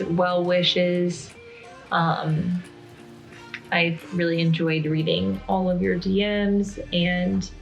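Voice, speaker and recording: Woman, vlogger, casual storytelling, chatty filler-heavy talk, somewhat low pitch. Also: lo-fi sound. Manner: chatty, full of "like" and "um", candid.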